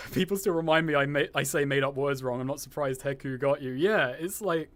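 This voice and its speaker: A young gaming streamer chats casually with his viewers, rambling, swearing freely and reading chat aloud in a slightly posh-sounding voice. His pitch is fairly high, his pace brisk, and his tone a bit bright.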